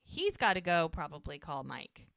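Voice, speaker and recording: Woman podcast co-host, chatty recap voice with a lively pitch and quoted character bits, dry sound. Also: normal speed, gravelly, dry recording. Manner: animated retelling, acts out characters' lines. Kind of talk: casual recap chat.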